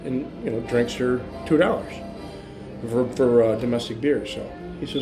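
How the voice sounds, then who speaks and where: A man telling a long bar joke in a rambling, filler-heavy way, getting louder and more animated as he goes. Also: normal speed, music in the background. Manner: rambling storytelling with many fillers, growing louder and higher toward the punchline. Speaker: joke teller.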